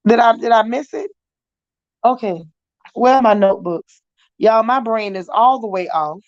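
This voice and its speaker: A woman's voice: a little high, moderate pace, highs cut off. A middle-aged woman hosting a casual livestream, greeting viewers one by one in a chatty, slangy way, her throat still recovering. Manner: warm, chatty, Southern-style slang, calls viewers y'all. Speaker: livestream host. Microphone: live stream mic with sound trouble.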